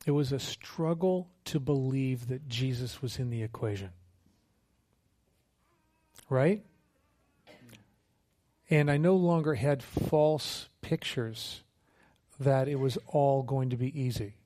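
Speaking slowly in a mid-range voice with long pauses, a man delivers a sermon as a missionary. He's conversational and funny, telling animated stories and acting out quotes.

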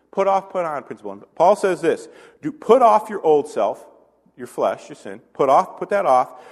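A man's voice: on the high side, long reverb tail. A male pastor preaching a conversational sermon, asking the congregation questions and adding self-deprecating asides.

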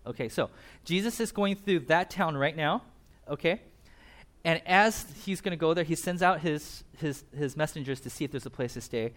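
A man preaching a casual sermon, retelling a Bible story with animated asides and quick voiced bits for the characters. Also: a little high. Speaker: pastor.

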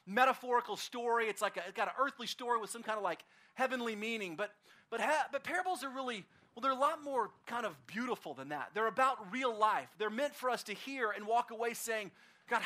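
A pastor preaching a conversational sermon, telling a story in a casual, animated way with frequent fillers. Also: male voice, very high voice. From Oklahoma, United States.

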